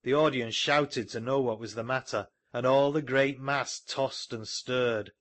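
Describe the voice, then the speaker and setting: A man reading an audiobook in a measured storytelling manner, recorded close to the mic. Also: mid-range voice, fairly even intonation, fairly bright tone, dry recording. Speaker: audiobook narrator. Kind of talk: scripted narration.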